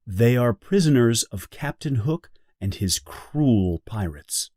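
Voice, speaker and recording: Slow, deliberate male storybook reader. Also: on the low side, no room sound, studio quality. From Brazil. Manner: clear, deliberate, expressive. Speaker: audiobook reader. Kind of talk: slow graded reader for beginners.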